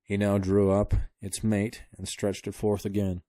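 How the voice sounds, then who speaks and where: Dad reading a story to his kids, deep and mellow, dry close mic. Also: a little slow, dry recording. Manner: steady storytelling. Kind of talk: reading a book aloud.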